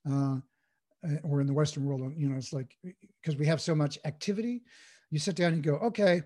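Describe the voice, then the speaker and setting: Husky, high-voiced man explaining mindfulness. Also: fairly quick, warm tone. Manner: thoughtful, with frequent restarts. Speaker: guest, mindful communication coach. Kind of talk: reflective conversational explanation.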